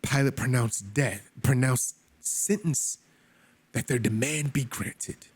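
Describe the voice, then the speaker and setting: Slowly and with a slightly rough voice, a man runs a Bible study, reading passages and commenting with preacherly emphasis, his pitch climbing on key words. He throws in casual asides to his audience, and there's no echo.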